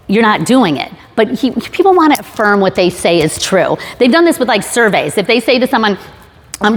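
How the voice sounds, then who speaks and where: A woman speaks to a live audience in a big hall, and the long reverb trails behind each phrase. Her voice sits a little high, and her delivery is loose and chatty. She is full of ums, restarts and joking asides. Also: big pitch swings, a little fast. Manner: chatty, many fillers and restarts, jokey asides. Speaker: sales trainer giving a talk. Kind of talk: casual live talk to an audience.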